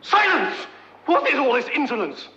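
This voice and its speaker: A man's voice: high voice, sing-song, unhurried, pushed and bright, dull audio, slight background noise, pitched above the performer's own voice, heavily acted. A man voicing a pompous male Roman governor with a heavy lisp, haughty and indignant. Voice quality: lisping.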